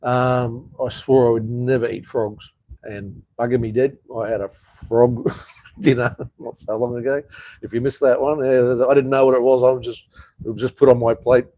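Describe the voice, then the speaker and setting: Middle-aged Aussie bloke, live-chat host, blunt and sweary, relaxed mellow tone. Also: male voice, mid-range voice, normal speed, rough recording. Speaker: livestream host. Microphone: phone or webcam livestream.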